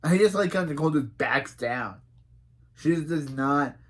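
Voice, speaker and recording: A man recapping and reacting to a TV episode, speaking with a fairly high voice. He gets animated and indignant as he retells the scenes. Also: moderate pace. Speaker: reaction video host.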